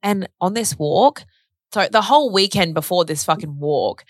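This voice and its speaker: A young woman candidly telling a personal story in casual conversation, animated and full of "like". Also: fairly low pitch, moderate pace, dry recording, studio quality. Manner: candid, animated retelling with frequent "like" and swearing.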